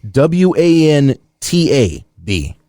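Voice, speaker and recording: A man hosting a car podcast in casual chat, animated and joking, swearing freely. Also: a little high, slow, dry recording, clean studio sound. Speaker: podcast host.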